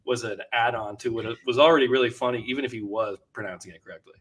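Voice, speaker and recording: Relaxed analytical male podcast co-host. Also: mid-range voice, fast. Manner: relaxed, analytical, some fillers. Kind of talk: casual recap chat. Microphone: video call.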